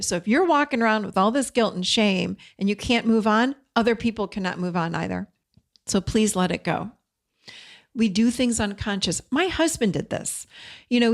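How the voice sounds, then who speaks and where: Earnest, direct woman podcast host. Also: mid-range voice. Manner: earnest, direct coaching with personal anecdotes; chatty, frequent "you know". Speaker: podcast host and codependency coach. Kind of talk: advice podcast monologue.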